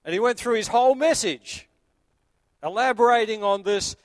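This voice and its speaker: Earnest pastor preaching. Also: male voice, moderate pace, no room sound. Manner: earnest preaching, rising to emphatic peaks then dropping low. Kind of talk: sermon.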